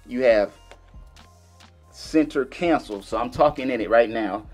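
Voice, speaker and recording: A man casually demonstrating and reviewing a small audio mixer for his viewers, chatty and relaxed. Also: medium pitch, unhurried, soft background music. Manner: laid-back, chatty, addresses viewers as y'all and man. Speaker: gear reviewer. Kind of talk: casual product demo vlog.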